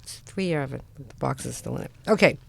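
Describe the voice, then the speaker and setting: A woman's voice: a bass voice, lively intonation, fast, gravelly, breathy edge. A middle-aged woman with a Boston accent, hosting a radio talk show in a chatty, joking way. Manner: chatty, jokey, teasing. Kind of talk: casual chat.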